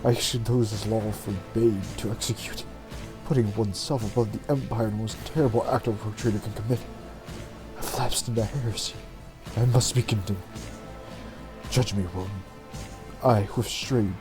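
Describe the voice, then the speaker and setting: A man's voice: on the low side, fairly even intonation, normal speed, natural voice. A man reading the lines of a stern female rogue trader judge in a formal, declamatory way, in his own voice. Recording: background game music.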